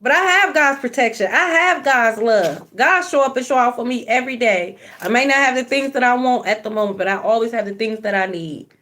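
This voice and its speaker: A woman's voice: fairly high pitch, fairly quick, few pauses, fairly bright tone. A woman giving a spiritual card reading, blunt and profane, preaching and repeating phrases for emphasis. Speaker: tarot card reader.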